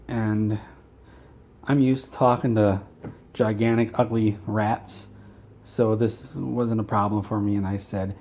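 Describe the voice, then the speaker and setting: A man telling an absurd comic story with a rambling, deadpan delivery. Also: on the low side, a little slow, highs cut off.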